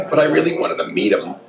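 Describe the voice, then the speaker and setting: Man, 50s, gravelly, earnest storyteller, conversational, live pub stage, echoey room, crowd noise. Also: on the high side. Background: audience murmur.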